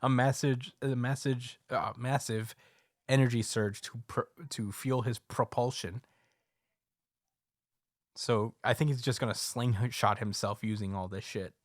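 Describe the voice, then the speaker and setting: A man's voice: mid-range voice, dry recording, clean studio sound. A man co-hosting a podcast, casually recapping a comic chapter and laughing easily. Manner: relaxed storytelling, quick to laugh. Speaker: podcast co-host.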